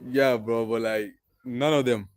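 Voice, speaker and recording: A man's voice: mid-range voice, fairly even intonation, measured pace, no room sound, low-quality recording. A young man in his twenties from Nigeria with a mixed Nigerian and British accent, chatting casually on a live stream and dropping "like" and "bro" often. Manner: laid-back, fills with "like" and "bro".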